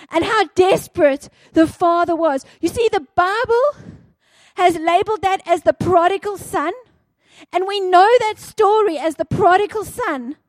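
A woman delivers a sermon in a very high voice, drawing her words out slowly. She tells the story with dramatic intensity and acts out the characters' cries. Her voice sounds dry and close. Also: dry recording. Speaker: preacher.

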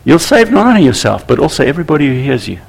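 A man preaching a sermon to church leaders, animated and acting out little scenes with voices. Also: on the high side, very fast, gravelly, slight background noise. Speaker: pastor.

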